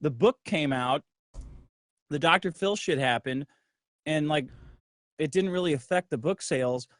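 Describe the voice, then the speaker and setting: A middle-aged man telling a profane, brash story in casual livestream talk, acting out other people's lines in a lower voice. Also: a little slow, fairly bright tone, no room sound, clean studio sound. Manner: acts out others' lines in a low voice. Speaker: guest.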